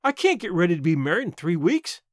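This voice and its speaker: A man plays a young woman in an audiobook, sullen at times and faltering over her words. Her voice sits high and swings widely in pitch. The recording is close and dry. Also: big pitch swings, fast, dry recording. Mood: flustered.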